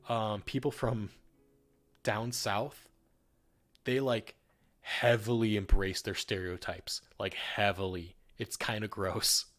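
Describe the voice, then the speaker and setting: A man's voice: lowish voice, fairly even intonation, slow pace, fairly bright tone. A young man from the northern United States, chatting casually while he paints on a livestream, rambling and swearing freely with lots of fillers. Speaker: streamer. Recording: faint music behind.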